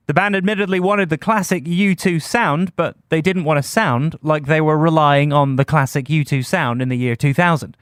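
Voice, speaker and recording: A man hosting a music history podcast, reading scripted narration in a measured storytelling way. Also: fairly high pitch, clear, resonant tone, no echo, studio quality. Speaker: podcast host.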